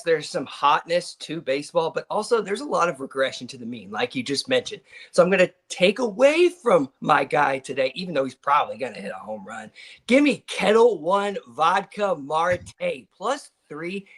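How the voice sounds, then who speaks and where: A man co-hosting a sports betting show, easygoing and quick with a joke. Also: a little high, expressive, a bit bright. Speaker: co-host. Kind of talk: casual betting show chat.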